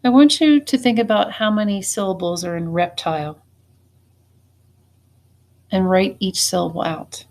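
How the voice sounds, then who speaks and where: A woman teacher giving a spelling test, saying each word slowly and deliberately and then saying it again. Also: mid-range voice, darkish tone. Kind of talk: slow spelling dictation.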